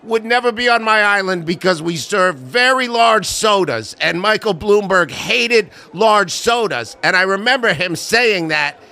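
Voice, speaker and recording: A man's voice sits high, creaky, pushed and bright, and heavily acted. In a comic impression, he plays a smarmy middle-aged tycoon who rambles through mock-earnest denials, breaking into bursts of silly character voices.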